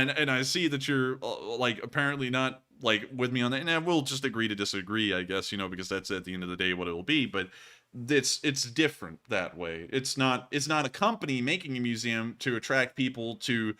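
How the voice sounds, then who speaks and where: Bright-voiced chatty male streamer. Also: mid-range voice, a little fast. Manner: chatty, rambling, laughs often. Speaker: streamer host. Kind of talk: casual live chat.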